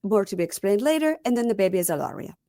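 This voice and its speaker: A woman's voice: medium pitch, big pitch swings, rapid-fire, mellow, no room sound, studio quality. A woman hosting a podcast, chatting casually about reality TV and telling stories with quoted voices. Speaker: podcast host.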